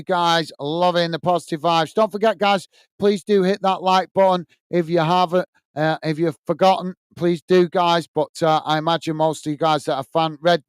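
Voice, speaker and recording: High, smooth-voiced man hosting. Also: no room sound. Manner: chatty, reads viewer comments aloud and answers them; blunt and opinionated. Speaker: host. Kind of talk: live football watch-along chat.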